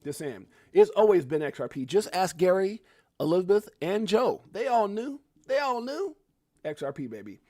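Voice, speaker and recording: A middle-aged man hosting a crypto livestream, excitable and hyped, jumping between loud outbursts and muttered asides. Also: sits high, normal speed, no room sound. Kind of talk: animated casual livestream commentary.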